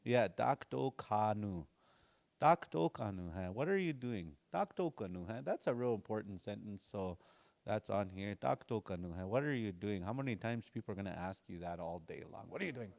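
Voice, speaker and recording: A man teaching a language class, slowly repeating phrases to drill pronunciation, with casual, folksy explanations. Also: lowish voice, lively intonation, gravelly, a little mellow.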